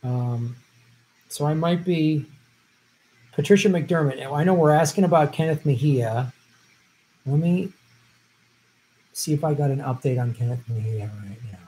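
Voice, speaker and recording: A man's voice: fairly high pitch, measured pace, pauses often, dark tone, rough recording. A man hosting a live stream, giving blunt, profane, opinionated commentary on election-night results.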